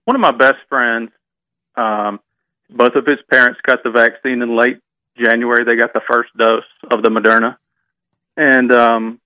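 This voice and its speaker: Male caller, bright and forceful tone, dry sound, polite and a bit hesitant. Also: mid-range voice, no room sound, rough recording. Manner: polite, hesitant, with many fillers. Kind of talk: call-in radio conversation.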